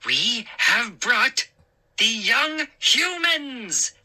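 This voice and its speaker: A woman voicing small, gleeful, mischievous gnomes with shrill, sneering, giggly voices. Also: very animated, drawn-out words, pushed and bright, exaggerated voice.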